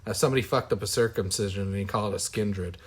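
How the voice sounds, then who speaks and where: A man's voice: lowish voice, rapid-fire, husky. A man hosting a podcast in casual chat, making crude jokes and teasing his co-host.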